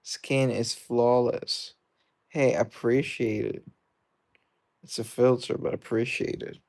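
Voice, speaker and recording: British male streamer, gravelly, mid-pitched, rambling through viewer comments while he plays. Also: level tone, takes it slowly, a little mellow. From Britain. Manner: rambling, reads and answers viewer comments aloud. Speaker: livestreamer. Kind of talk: casual livestream chat while gaming.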